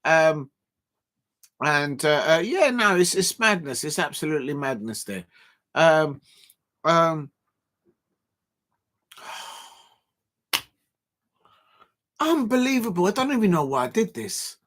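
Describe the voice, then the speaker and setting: A man hosting a live football watch-along, ranting at rival fans with exasperated outbursts and sudden shouting. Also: fairly high pitch, animated, slow, pauses often.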